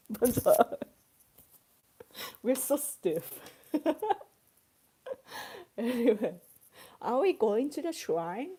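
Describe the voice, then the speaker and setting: Japanese woman, lively unhurried chatter. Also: fairly high pitch, breathy edge. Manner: chatty, laughs often, acts out examples. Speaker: livestream host reading chat. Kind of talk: casual chat.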